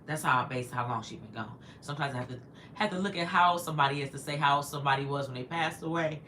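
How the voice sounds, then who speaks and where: A woman's voice: deep voice, quick pace, pushed and bright, a little hiss or hum. A woman in her fifties telling a long personal story on a livestream, chatty and digressive, stopping to answer viewer comments. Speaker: livestream host.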